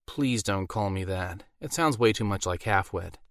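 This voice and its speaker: A man voicing a blunt, sarcastic young witch woman in a raised pitch. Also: normal speed, no echo, studio quality, lightly acted.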